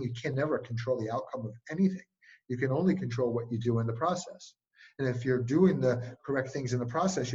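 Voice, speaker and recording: Animated man telling stories, muffled sound. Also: mid-range voice. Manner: energetic storytelling, frequent "like" fillers. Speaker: guest, speaking coach. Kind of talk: casual interview talk.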